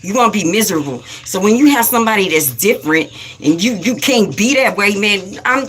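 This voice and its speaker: A woman hosting a spiritual livestream, scolding viewers and repeating herself for emphasis in a rapid-fire way. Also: mid-range voice, animated. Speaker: livestream host.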